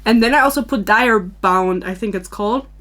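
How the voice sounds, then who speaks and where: A woman's voice: medium pitch, a little fast, a bit bright. A young woman from Germany hosting a podcast, chatting casually in a rambling, self-deprecating way, recorded on a camera-mounted microphone. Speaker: podcast host. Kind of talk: casual chat.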